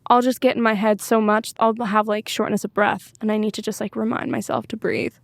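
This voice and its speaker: A woman's voice: mid-range voice, little pitch movement, a little fast, creaky, dry recording. A woman singer-songwriter speaking openly as a podcast guest, rambling and full of filler words. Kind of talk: candid podcast interview.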